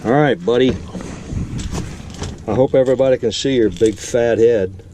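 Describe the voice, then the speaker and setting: A man's voice: mid-range voice, moderate pace. An older man narrating his fishing trip in a casual vlog, chatting playfully to the fish and his viewers from a small boat. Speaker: angler vlogger. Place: small boat on a lake outdoors. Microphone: boat-mounted camera mic. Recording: outdoor camera audio with steady noise.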